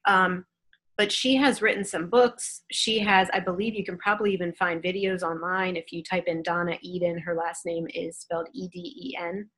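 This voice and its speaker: Woman, host, online Q and A, low voice, gentle, soothing, reassuring, video call. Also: fairly even intonation, normal speed. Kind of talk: hosting a live online Q and A.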